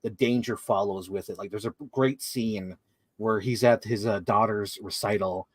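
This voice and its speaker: A man's voice: on the low side, fairly even intonation, moderate pace, no echo. A young man co-hosting a casual movie discussion, talking enthusiastically in long run-on lists full of "like". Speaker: co-host.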